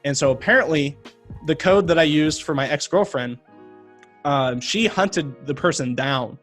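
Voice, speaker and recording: A man, a podcast guest telling a long story in casual talk, rambling and animated with lots of fillers. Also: on the high side, unhurried, faint music behind.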